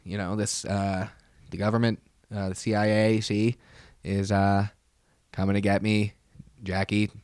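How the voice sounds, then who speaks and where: A man putting on the voice of a paranoid middle-aged politician husband, grumbling and halting. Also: lowish voice, flat delivery, a little mellow, clean tone, no echo, clean studio sound, lightly acted.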